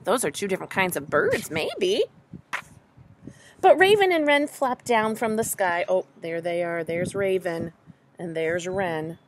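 A woman teacher reading a picture book aloud to young children, animated and full of questions, addressing them directly. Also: fairly low pitch, normal speed, a little hiss or hum. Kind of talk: children's story time read-aloud.

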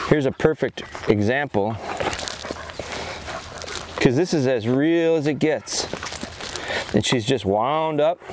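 Calm middle-aged man training a puppy. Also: medium pitch, background noise. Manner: calm, plain-spoken, explaining as he trains. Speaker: dog trainer. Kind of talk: casual instructional vlog. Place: outdoors in a yard.

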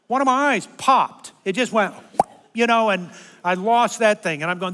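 An older man giving a guest sermon as a humorous, self-mocking storyteller who builds into loud comic rants. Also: high-pitched, animated, moderate pace. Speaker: guest speaker. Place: church sanctuary. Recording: long reverb of a large hall.

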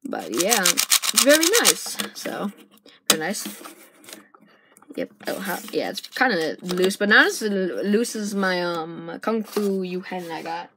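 Rambling excitable girl on a noisy camera. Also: lowish voice, slow. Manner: rambling, excitable, thinks aloud. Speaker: vlogger unboxing puzzle cubes. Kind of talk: casual unboxing chatter. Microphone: built-in camera mic. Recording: noisy amateur camera recording.

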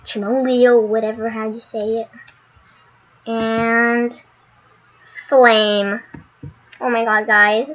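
A woman casually commenting on her gameplay, excitable and gushing. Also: a little high, dull audio. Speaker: gaming channel host.

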